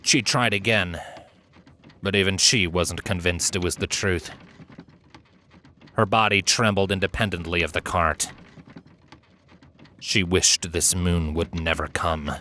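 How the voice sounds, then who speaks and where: A man reading a fanfiction story aloud with steady, dramatic narration. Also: deep voice, a little slow, pauses often, a little hiss or hum. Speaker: narrator and reader.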